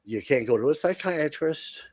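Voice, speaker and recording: A man's voice: fairly high pitch, animated, moderate pace, a little mellow, no room sound. A man co-hosting a podcast, talking in a blunt, rambling way with frequent restarts and fillers. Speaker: podcast co-host. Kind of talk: casual monologue.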